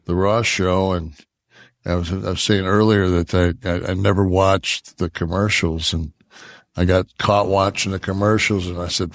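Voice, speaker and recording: A low, gravelly man talking loosely on a podcast, swearing freely as he wanders through a story. The sound is dry and close, with no room around it. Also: fairly even intonation, normal speed, no room sound. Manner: profane, rambling storytelling. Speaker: podcast co-host. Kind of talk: casual podcast chat.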